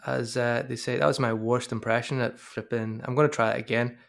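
A man's voice: medium pitch, steady tone, brisk, creaky, faint music behind. A man hosting an interview, chatting casually in a playful, hesitant way with many fillers. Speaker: podcast host.

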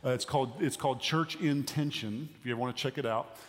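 A man giving a sermon as a pastor, conversational with pauses and emphatic rises. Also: medium pitch. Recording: long hall reverb.

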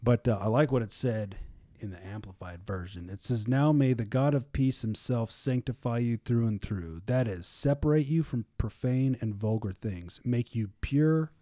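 A man leading a casual Bible study, reading scripture slowly and acting out biblical figures in lively everyday speech. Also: medium pitch, no room sound, studio quality. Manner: reads scripture slowly and deliberately.

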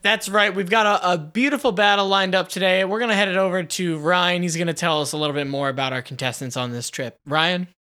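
A man with a bright, slightly high voice banters on a comedy podcast. He jokes around and slips into silly quoted voices as he riffs with his co-hosts. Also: steady tone, brisk, hardly any pauses, smooth. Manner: jokey, playful, acts out silly quotes. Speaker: podcast co-host. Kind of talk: casual comedic chat.

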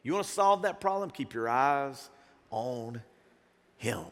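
A male pastor preaching a sermon to a live congregation. He swings between hushed and loud moments and calls out to the crowd. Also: mid-range voice, animated, takes it slowly, big-room sound. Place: church sanctuary with a live congregation.

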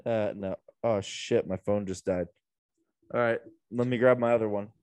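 A man's voice: fairly low pitch, steady tone, moderate pace, darkish tone, no room sound. A man in a casual sports betting chat, hesitant and full of fillers, swearing casually. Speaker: podcast co-host.

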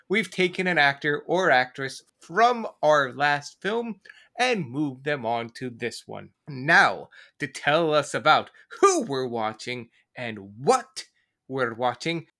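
A man's voice: fairly high pitch, very animated, slow pace, bright, forceful tone. A man co-hosting a movie podcast, delivering its opening in an announcer-style read. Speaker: podcast co-host. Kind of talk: scripted show intro with banter.

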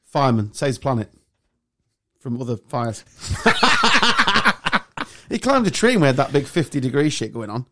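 A man's voice: medium pitch, normal speed, long pauses, very noisy. A man hosting a podcast, ranting and joking casually with friends. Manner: animated ranting, swearing and laughing. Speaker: podcast host.

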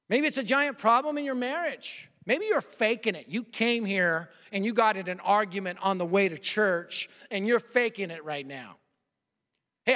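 A man in his fifties preaching in a large church hall, his voice ringing with a long echo. He sits fairly high for a man and tells his story with animated energy, jumping from loud outbursts down to near-murmured confession. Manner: animated, swings from loud bursts to hushed confession. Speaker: pastor. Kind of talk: sermon with storytelling.

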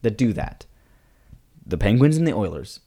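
A man from Canada co-hosting a comedy sports podcast, trading wry, deadpan quips. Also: fairly low pitch, moderate pace, gravelly. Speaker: podcast co-host. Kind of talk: casual comedic chat.

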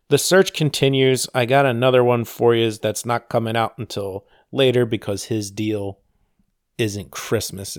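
Alone on his podcast, a host with a lowish voice chats casually, tossing in wry, sarcastic asides as he rambles. The sound is dry and of studio quality.

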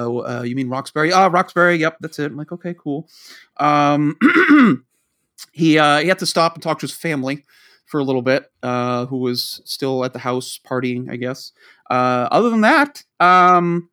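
A Boston-area man co-hosts a podcast, spinning a long, rambling story and acting out the lines he quotes. His voice is a little high with a fairly bright tone, in the casual storytelling mode of a podcast co-host.

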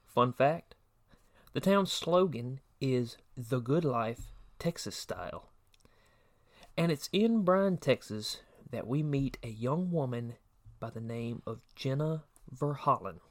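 A man at a medium pitch narrating a true crime podcast as co-host. He reads through a prepared case summary in a steady, even delivery. Now and then he drops in a short personal aside. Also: slow.

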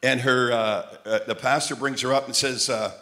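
A man preaching a sermon, telling lively stories and repeating phrases like a chant. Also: mid-range voice, moderate pace. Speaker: traveling preacher. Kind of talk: sermon with storytelling.

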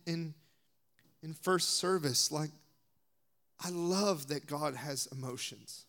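A young man from the Southern US preaches with a Southern accent, pressing hard on his points in a slightly raised voice. He drops suddenly into hushed whispered asides. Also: on the high side. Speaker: guest preacher. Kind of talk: sermon.

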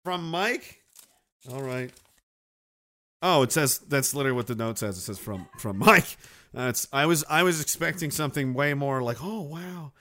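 On a casual livestream, a man rants sarcastically and swears a lot while reading viewer comments aloud. His voice is a little high and pushed and bright, with lively intonation at a moderate pace.

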